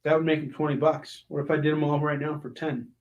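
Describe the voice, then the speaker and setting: A man hosting a live comic shopping show, giving an animated, jokey sales pitch and shouting silly sound effects. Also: fast, reverberant, dull audio.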